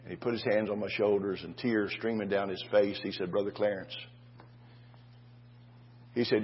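Older preacher with a husky voice. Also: male voice, lowish voice, steady tone, normal speed, pauses often, muffled recording. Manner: folksy, restarts with "and, uh", asks "Amen?" of the congregation. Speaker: pastor. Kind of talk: sermon.

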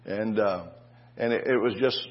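Older preacher with a husky voice. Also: male voice, lowish voice, moderate pace, dull audio. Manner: folksy, restarts with "and, uh", asks "Amen?" of the congregation. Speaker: pastor. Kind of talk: sermon.

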